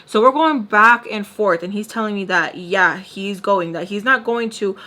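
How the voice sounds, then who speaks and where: A woman vlogger telling a storytime in an animated, candid way, full of fillers and swearing. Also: medium pitch, normal speed, hardly any pauses. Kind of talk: storytime vlog.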